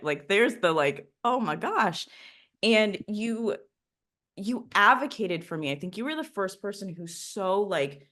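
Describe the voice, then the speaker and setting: A young woman hosting a podcast, speaking in an emotional, grateful and halting way to a former leader. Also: lowish voice, fairly bright tone. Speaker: podcast host, former Marine. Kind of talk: casual interview chat.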